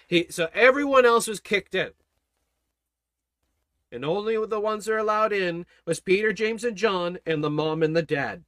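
A man's voice: high voice, moderate pace, a bit bright, no echo. A man teaching a Bible study, preaching emphatically and fervently and repeating his key phrases.

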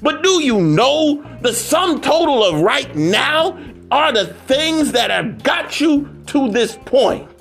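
A man preaching an emphatic, repetitive motivational sermon that rises at times to shouting. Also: very high-pitched, sing-song, slow, faint music behind.

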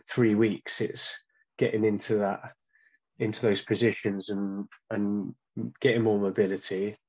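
A man being interviewed about his training, talking casually and hesitantly with many pauses and restarts. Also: fairly low pitch, a little mellow, lo-fi sound. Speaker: guest.

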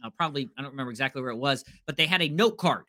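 Guy cohosting a podcast, playful and teasing, bright voice. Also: medium pitch, expressive, rapid-fire. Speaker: podcast co-host. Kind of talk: casual podcast chat.

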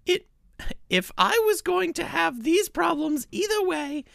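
A woman voicing a young office worker reading her own complaint review, in a high, piercing, plaintive voice. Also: sing-song, measured pace, gravelly, no echo, studio quality, full character voice.

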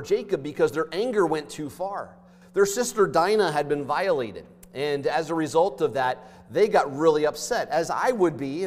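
A male pastor with a fairly high voice delivers an emphatic sermon, swinging from forceful stresses to quiet asides. His voice rings through a church hall with a long reverb tail. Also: a little hiss or hum. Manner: emphatic preaching, swinging between loud and hushed.

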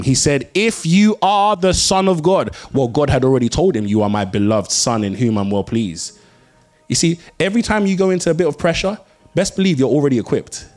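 A young man preaching a sermon, telling stories in an animated way and swinging between loud bursts and hushed lines. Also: medium pitch. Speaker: pastor.

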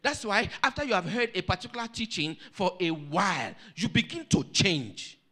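A male pastor preaching a sermon, telling a story with lively energy and putting questions to the congregation. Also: sits high, moderate pace.

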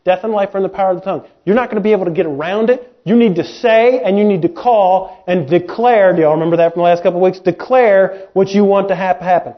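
A man preaching a sermon in a folksy, animated way, slipping into little voices of doubters and skeptics. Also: high voice, quick pace, hardly any pauses, dull audio.

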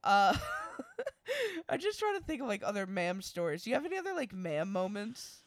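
A woman's voice: medium pitch, very animated, moderate pace, no echo, studio quality. A young woman co-hosting a podcast in casual chat, swearing freely and laughing often as she tells stories. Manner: swears a lot, laughs often, imitates her mother. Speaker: podcast co-host.

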